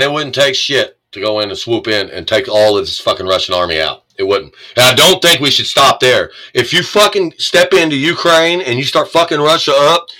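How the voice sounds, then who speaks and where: A man's voice: medium pitch, sharp tone, poor audio. Angry, swearing man ranting. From United States. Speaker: commentator reading the news. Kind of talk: profane political rant.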